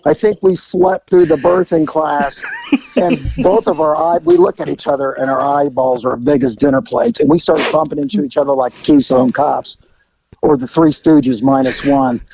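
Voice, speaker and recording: A man, a former police officer, telling lively stories on a podcast, laughing and acting out the voices. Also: fairly high pitch, moderate pace, creaky, breathy edge, low-quality recording. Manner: animated, laughing, acts out voices. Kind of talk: casual storytelling podcast.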